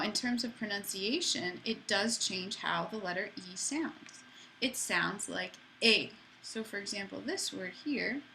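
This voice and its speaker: A woman explains French accents to her class, her voice bright and clear. She talks in a chatty, easygoing way and drops in playful asides. A faint noise sits under the recording. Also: medium pitch, low-quality recording. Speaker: French teacher. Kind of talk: classroom lesson.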